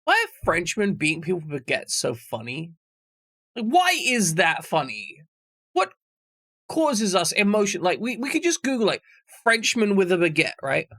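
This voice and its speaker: Gravelly rambling male streamer. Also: high-pitched, wildly swooping pitch, moderate pace, fairly bright tone, dry recording, clean studio sound. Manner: rambling, jokey, swears freely. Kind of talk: casual chat with stream viewers.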